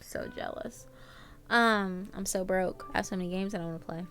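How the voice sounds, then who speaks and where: A woman's voice: mid-range voice, moderate pace, fairly bright tone. A young woman streamer chatting casually with viewers, reading out their names between lots of ums and laughs. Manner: chatty, reads out viewer names, filler-heavy. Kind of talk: casual live-stream chat.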